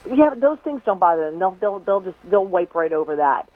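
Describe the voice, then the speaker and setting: A woman's voice: fairly low pitch, sing-song, fairly quick. A woman guest on a radio show, giving her opinions in casual political chat, talking in long run-on stretches. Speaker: radio host guest commentator. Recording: tinny phone line.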